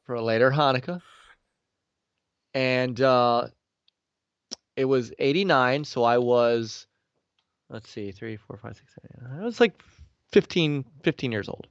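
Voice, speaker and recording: A man's voice: measured pace, long pauses, clean tone, no echo. A man in his forties, a guest telling stories in casual chat, acting out quotes animatedly. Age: 40s. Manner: animated, acts out quotes with big pitch swings. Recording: dry, slightly dull sound.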